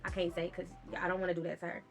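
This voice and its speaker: A woman vlogger telling a personal story straight to her viewers, blunt and profane, with animated indignation. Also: fairly low pitch, rapid-fire, faint music behind. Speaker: YouTube vlogger. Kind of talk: casual storytime vlog.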